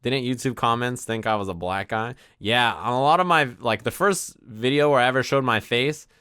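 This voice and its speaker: A man streaming, telling stories in casual chat, animated and swearing freely as he acts out what people said. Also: mid-range voice, normal speed, clean tone, dry recording, studio quality.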